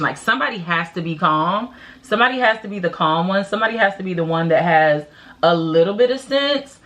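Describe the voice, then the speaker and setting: Bright, animated young woman telling a story. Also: lowish voice. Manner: animated, dramatic storytelling with loud laughs and hushed whispered asides. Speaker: vlogger. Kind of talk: casual storytime.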